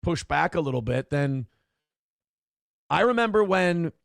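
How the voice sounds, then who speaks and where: A middle-aged man with a gravelly, slightly higher voice hosts a casual livestream and answers chat in a candid, rambling way. The sound is dry and close, with no room around it. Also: lively intonation, unhurried, dry recording. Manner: candid, rambling with restarts and acted quotes. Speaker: podcast host reading chat comments.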